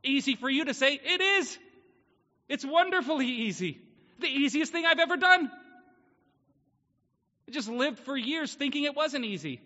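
A man's voice: very high-pitched, animated, moderate pace, pauses often, pushed and bright. A man preaching a sermon as pastor, earnest and emphatic, in a church hall. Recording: muffled sound with long hall reverb.

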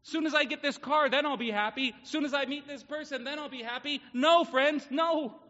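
A man's voice: very high voice, moderate pace, pushed and bright. A man preaching a sermon as pastor, earnest and emphatic, in a church hall. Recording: muffled sound with long hall reverb.

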